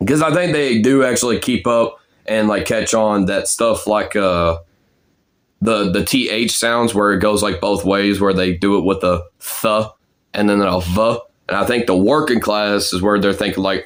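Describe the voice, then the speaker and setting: A man's voice: lowish voice, measured pace. A young man rambling casually about practicing character voices, with lots of fillers and restarts. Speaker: amateur voice impressionist.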